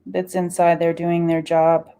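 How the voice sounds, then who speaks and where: A woman leading a guided spiritual meditation, talking slowly and soothingly, with sighs and chanted syllables between her words. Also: on the low side, completely flat delivery, dark tone, clear, resonant tone.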